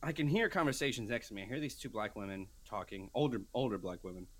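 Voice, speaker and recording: A podcast co-host with a fairly low-pitched voice tells a long story at a quick pace during casual chat. He's an animated storyteller who acts out the voices of the people in it.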